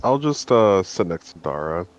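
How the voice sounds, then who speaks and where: A man's voice: deep voice, very animated, normal speed, highs cut off. A man playing a tabletop game, speaking tentatively and casually. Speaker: player.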